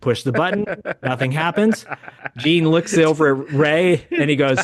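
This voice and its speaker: A man in his fifties hosting a podcast, telling a story in an animated, chatty way. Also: a little high, measured pace. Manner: animated, chatty, laughs as he tells stories. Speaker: podcast host. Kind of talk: casual storytelling.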